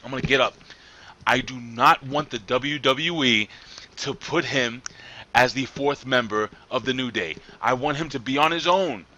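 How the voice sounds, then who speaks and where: A man hosting a casual wrestling panel, excited, often repeating words as he steers the talk. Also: mid-range voice, normal speed, muffled recording. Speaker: podcast host.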